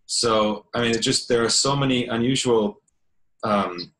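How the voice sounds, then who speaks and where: A man, a film director, interviewing an author over a video call, speaking haltingly with many restarts. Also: medium pitch, fairly bright tone, roomy sound, rough recording. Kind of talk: online interview.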